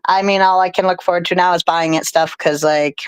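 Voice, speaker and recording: A woman's voice: lowish voice, steady tone, brisk, clear, resonant tone. An older woman co-hosting a live stream, telling a personal story in casual chat in a rambling, heartfelt way.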